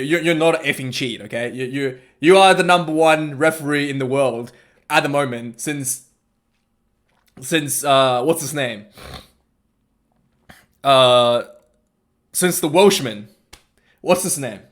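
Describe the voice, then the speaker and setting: A man giving a casual, rambling recap of a rugby match, excitable and full of asides. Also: medium pitch, unhurried, long pauses.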